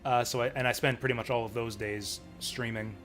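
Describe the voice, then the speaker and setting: A male streamer chatting casually over his gameplay at a mid pitch, rambling and joking with lots of chuckles. Faint game music drifts in behind him. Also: fairly even intonation, a little fast, a bit bright.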